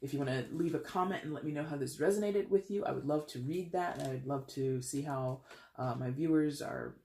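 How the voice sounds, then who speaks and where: A tarot reader talks straight to the camera in a blunt, sassy way, swearing freely and rambling with quick restarts. The voice sits at a middle pitch. The recording has a noticeable echo from the room. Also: vocal fry, mellow. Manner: chatty, with laughs and restarts. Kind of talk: casual solo reading to camera. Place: alone in a room at home. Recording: echoey room.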